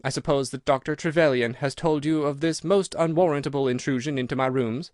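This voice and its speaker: A man's voice: fairly high pitch, brisk, dry recording, studio quality, natural voice. A man voicing a nervous, fat older man with a reedy, quivering voice in an audiobook. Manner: jittery, pleading.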